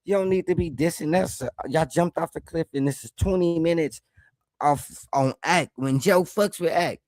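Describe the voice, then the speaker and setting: A man reacting to a podcast clip, talking back at the screen in a loud, mocking, teasing way. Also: high-pitched, expressive, moderate pace, no room sound. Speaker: reaction streamer. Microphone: headset.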